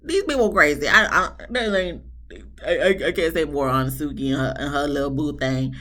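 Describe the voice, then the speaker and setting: A woman recapping a reality show episode in a casual, sassy way, often jumping into high exclamations. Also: moderate pace. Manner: animated, sassy, jumps into high mock voices. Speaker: reality TV reviewer.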